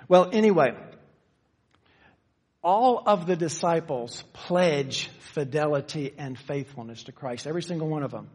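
Man, preacher, sermon, conversational teaching, slightly raised pitch, church hall reverb. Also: darkish tone, slightly rough. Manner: conversational Bible teaching, pace shifting from slow emphasis to quick asides.

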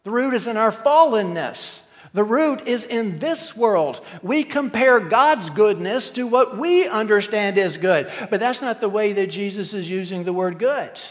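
A man with a high voice delivers an emphatic sermon and keeps putting rhetorical questions to his listeners. His voice rings out with a long reverb, as if recorded in a large hall. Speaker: preacher.

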